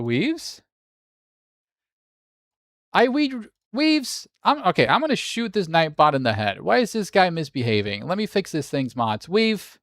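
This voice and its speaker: A man's voice: fairly high pitch, very animated, measured pace, a bit bright, no room sound, studio quality, soft background music. A man hosting a game tournament on a livestream, chatting casually and joking with viewers, swearing now and then.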